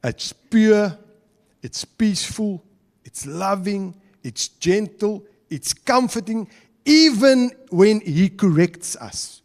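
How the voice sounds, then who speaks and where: A man with an Afrikaans South African accent gives a chatty sermon in a church hall, joking with the congregation and switching between English and Afrikaans. His voice is high-pitched and darkish, with lively intonation and a slow pace. The recording carries the hall's long reverb.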